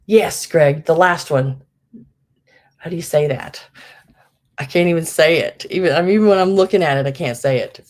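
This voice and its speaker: A woman's voice: deep voice, moderate pace, pauses often, a little mellow. A middle-aged woman hosting a live vintage sale, chatting casually with many fillers and laughing at herself. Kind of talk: casual live-stream selling.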